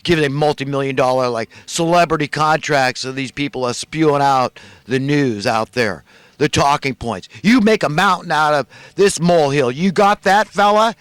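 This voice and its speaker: A man from the United States delivering an angry political rant straight to his listeners, now and then raising his voice to shout. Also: mid-range voice, normal speed, smooth, no echo. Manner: angry, ranting, shouts at times. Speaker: political commentator.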